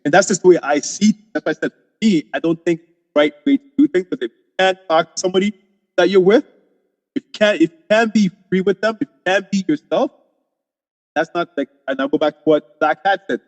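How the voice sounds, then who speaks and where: A man co-hosting a casual podcast discussion, emphatic and opinionated, talking in quick bursts. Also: high voice, long reverb tail. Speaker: podcast co-host.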